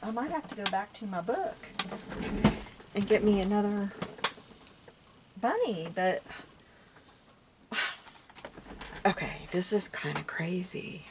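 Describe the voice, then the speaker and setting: A woman's voice: mid-range voice, lively intonation, takes it slowly, pauses often, background noise. An older woman with a Southern US accent talks to herself as she crafts. She sounds tired, sighs often and laughs between sentences. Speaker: craft vlogger. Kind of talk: casual talk while crafting.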